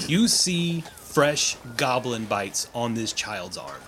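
A man's voice: mid-range voice, slow, a little hiss or hum. A man narrating a tabletop role-playing session as game master, describing scenes and voicing townsfolk. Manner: animated, acts out characters.

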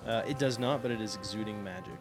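A man narrating as game master of a tabletop game, describing finds and calling for dice rolls in a measured way. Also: fairly low pitch, music in the background.

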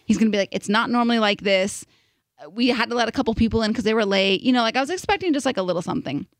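A young woman co-hosting a podcast, telling a story in an animated, casual way with lots of "like". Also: on the high side, rapid-fire, no echo, studio quality. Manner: animated, filler-heavy storytelling with "like". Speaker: podcast co-host.

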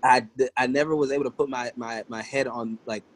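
A man chatting as a podcast guest, telling stories in a loose, conversational way. He slips into other people's voices as he retells events and laughs easily between lines. His speaking voice sits at a middling pitch. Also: fairly quick, no room sound, rough recording. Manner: animated, acts out quoted voices, laughs often. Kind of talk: casual storytelling interview.

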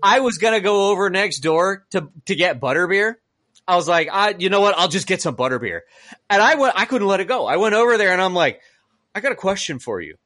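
A man co-hosting a podcast, telling a story in an exasperated, animated rant and mocking the people he quotes. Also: sits high, a little fast. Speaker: podcast co-host.

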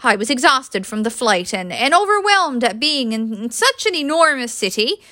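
A woman voicing a smug, charming young British man with a smooth, taunting manner. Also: fairly high pitch, very animated, normal speed, bright, forceful tone, no echo, clean studio sound.

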